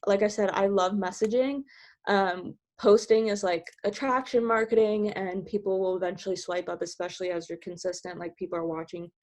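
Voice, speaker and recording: A bubbly woman rattles off advice at a quick clip, giggling between thoughts and peppering every sentence with "like". Her voice sits at an ordinary middle pitch. She comes through the compressed sound of a video call. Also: fairly even intonation, a little mellow. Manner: bubbly, giggly, filler-heavy with many "like"s; talks fast. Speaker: team trainer sharing sales tips. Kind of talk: casual coaching talk.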